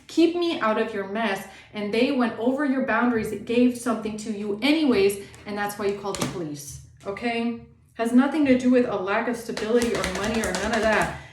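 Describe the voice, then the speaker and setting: A woman's voice: fairly high pitch, brisk, roomy sound, background noise. A woman tarot reader giving a blunt, indignant reading and swearing freely.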